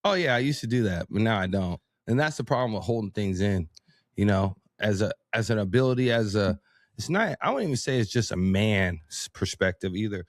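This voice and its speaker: A man chatting as a podcast guest, telling animated stories, acting out quotes and laughing often. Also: on the low side, brisk, dry recording, clean studio sound. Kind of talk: casual conversation.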